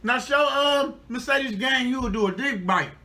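High-voiced young man hyping a vlog. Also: normal speed, bright, forceful tone. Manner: teasing, hyping and cheering on his partner. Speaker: vlogger and challenge partner. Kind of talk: casual vlog banter. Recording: home video with clear background noise.

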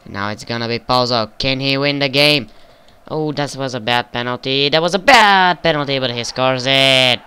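A young man giving casual, profane commentary over a football video game he is playing, flaring up in frustration and excitement. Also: mid-range voice, moderate pace, clean tone. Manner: swears often, flares up with frustration and excitement. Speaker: gaming video creator.

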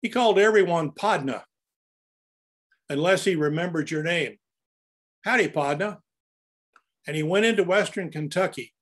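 Older man, higher-pitched storyteller. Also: slightly rough. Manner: anecdotal storyteller. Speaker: photographer presenting his photos. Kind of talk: narrated photo presentation.

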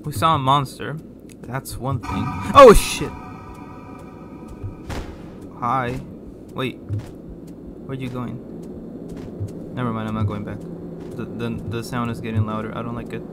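A man's voice: medium pitch, flat delivery, moderate pace, pauses often, over music. A man giving nervous running commentary while playing a horror game, repeating himself and swearing as he goes. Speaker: gaming YouTuber.

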